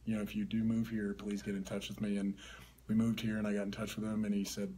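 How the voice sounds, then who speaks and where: A man's voice: fairly low pitch, completely flat delivery, fast, dark tone, slight background noise. A man hosting an interview in an easygoing, supportive way. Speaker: interview host. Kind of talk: conversational interview.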